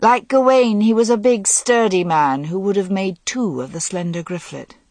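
Audiobook narrator, steady storytelling, dry close sound. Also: medium pitch, moderate pace, no room sound. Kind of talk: scripted narration.

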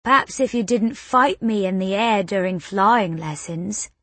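A woman voicing an eerie, teasing winged boy with a soft Cockney accent. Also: medium pitch, a little slow, no room sound. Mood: coaxing. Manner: soft, rustling voice.

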